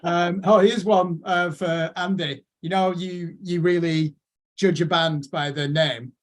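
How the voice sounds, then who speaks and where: Chatty northern English man, slightly high. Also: steady tone, unhurried. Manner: chatty, amused. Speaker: co-host. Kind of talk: casual chat, listing releases.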